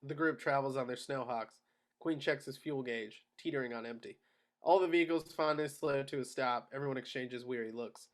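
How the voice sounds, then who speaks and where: A man narrating the stage directions of a screenplay at a table read in a steady, matter-of-fact way. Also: mid-range voice, brisk. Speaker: narrator of action lines.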